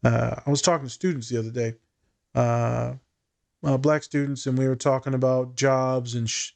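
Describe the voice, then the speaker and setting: A man's voice: medium pitch, steady tone, normal speed, vocal fry, darkish tone. A man co-hosting a casual discussion, speaking bluntly and candidly, swearing freely and thinking aloud with fillers and restarts. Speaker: podcast co-host.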